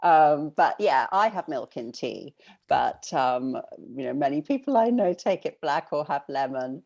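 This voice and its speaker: A low-pitched British woman, middle-aged, talking casually and thoughtfully as a guest. She muses aloud and laughs easily. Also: expressive, unhurried, vocal fry, darkish tone, lo-fi sound. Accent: British English. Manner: chatty, thoughtful, laughs often. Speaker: novelist guest. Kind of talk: casual interview chat.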